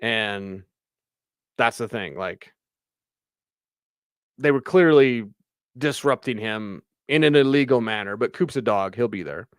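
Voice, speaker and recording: A man hosting a live postgame sports show, reading viewer comments in excitable, chatty bursts. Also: medium pitch, unhurried, pauses often, smooth, dry recording, clean studio sound. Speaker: sports radio host.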